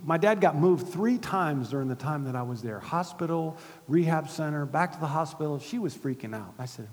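A middle-aged male pastor preaches in a casual, talky way, his fairly high voice dropping low and soft and then rising loud. The sound carries a long reverb from a large church hall. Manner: conversational preaching with big swings from soft to loud. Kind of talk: sermon.

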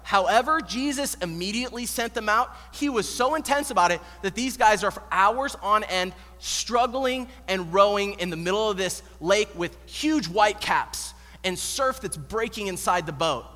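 Animated slangy guy preaching, high voice, big echoey hall. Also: normal speed, hardly any pauses. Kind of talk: sermon. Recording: echoey hall with long reverb.

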